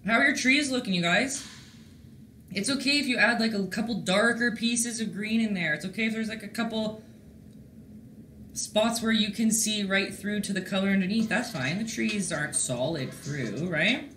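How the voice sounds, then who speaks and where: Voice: medium pitch, normal speed, pushed and bright, reverberant, a little hiss or hum. A host teaching a live-streamed painting lesson in a chatty, encouraging way, talking to viewers in the chat.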